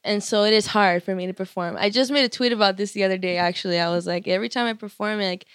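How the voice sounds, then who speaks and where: A woman's voice: mid-range voice, fast, a bit bright, clean tone, no echo, clean studio sound. A young woman musician talking candidly in an interview, casual and frank, swearing often and laughing between thoughts. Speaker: touring musician.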